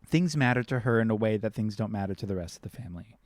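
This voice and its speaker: A man co-hosting a podcast, chatting casually and acting out characters in quick quotes. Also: lowish voice, animated, no room sound, clean studio sound. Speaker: podcast co-host. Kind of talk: casual chat.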